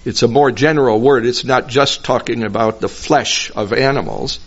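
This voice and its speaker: A man giving expository Bible teaching, explaining slowly and deliberately and singing out tonal words in another language. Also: medium pitch. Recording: dull lo-fi recording.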